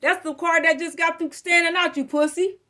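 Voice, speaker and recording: A woman with a high voice gives a casual tarot reading straight into her phone. She talks bluntly and swears freely, getting fired-up as she lays out the cards. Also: steady tone, moderate pace, sharp tone. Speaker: tarot reader.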